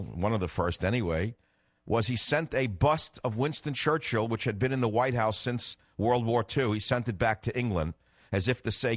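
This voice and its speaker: Talk radio host, middle-aged man, lowish voice, dry studio sound, combative and emphatic. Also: dry recording. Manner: combative, emphatic, swings from low to loud outbursts. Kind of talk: political talk radio monologue.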